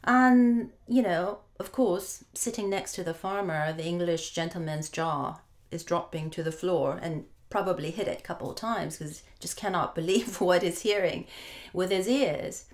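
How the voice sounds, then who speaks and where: A woman preacher telling a folk tale in a sermon, unhurried and often pausing with fillers. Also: fairly low pitch. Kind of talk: sermon storytelling.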